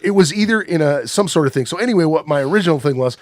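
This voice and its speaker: This man speaks rapid-fire with a fairly high, slightly mellow voice and lively intonation. Appearing as a podcast guest in a casual chat, he spins a long, rambling tale full of profanity and acted-out quotes.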